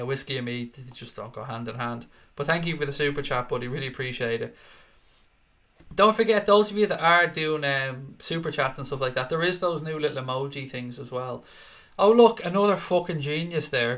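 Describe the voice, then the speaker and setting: A man's voice: medium pitch, a bit bright. A middle-aged man, hosting a casual live stream, reading viewer comments and ranting with plenty of swearing. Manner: sweary, quick to rant in mock outrage. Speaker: host.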